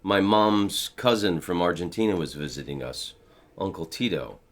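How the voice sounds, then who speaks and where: A man's voice: low voice, lively intonation, normal speed. A middle-aged man hosting a podcast, chatting casually and telling funny stories with put-on voices for the people he quotes. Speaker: podcast host. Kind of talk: casual chat.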